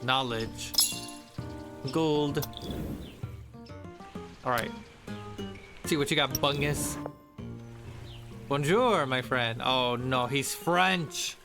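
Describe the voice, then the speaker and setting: A man chatting casually while he plays, reading on-screen text aloud with playful asides. His voice sits in a middle pitch, and game music runs clearly beneath him. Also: extremely slow, long pauses. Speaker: streamer. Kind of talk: casual gameplay commentary.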